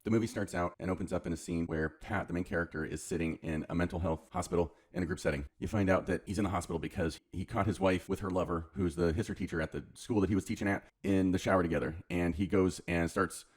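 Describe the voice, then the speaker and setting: Fast-talking deep-voiced man recapping a film. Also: fairly even intonation. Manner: rambling, offhand, slangy narration. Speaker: channel host retelling a film. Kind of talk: casual comedic film recap.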